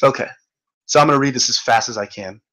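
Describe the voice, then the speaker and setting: A man's voice: medium pitch, quick pace, bright, forceful tone, poor audio. A man hosting a casual livestream, rambling and joking, swearing often and laughing as he reads out chat comments.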